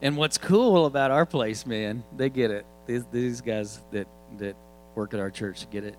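Joking preacher telling a story. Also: male voice, medium pitch, moderate pace, a little hiss or hum, poor audio. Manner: casual, joking, animated storytelling. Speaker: guest preacher. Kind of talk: sermon storytelling.

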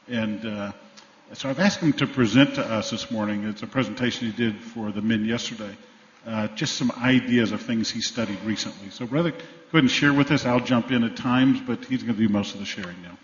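A man leading a church meeting, introducing a guest speaker in a relaxed, conversational way. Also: fairly quick. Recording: echoey hall, dull low-fi sound.

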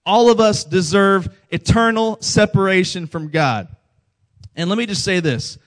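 A man's voice: high-pitched, unhurried. Conversational man preaching a sermon. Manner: conversational, storytelling with quoted dialogue. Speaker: pastor.

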